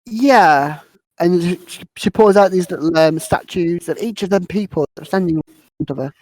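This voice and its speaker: A woman hosts a casual podcast, rambling through a film recap and stumbling over her words. Her voice is fairly low and a little mellow at normal speed, on a dry, low-quality recording.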